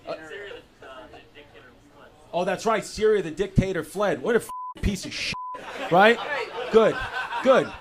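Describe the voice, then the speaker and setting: A man's voice: sits high, a little slow, long pauses. A young man doing loose, profane stand-up crowd work, laughing through his riffs on a club stage. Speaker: stand-up comedian. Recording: noisy live club recording.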